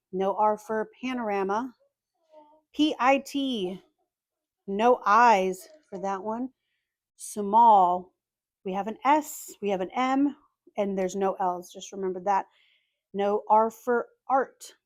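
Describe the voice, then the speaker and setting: A woman calmly narrating as she scratches lottery tickets, methodically spelling out letters one by one. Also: medium pitch, no echo. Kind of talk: calm scratch-and-reveal narration.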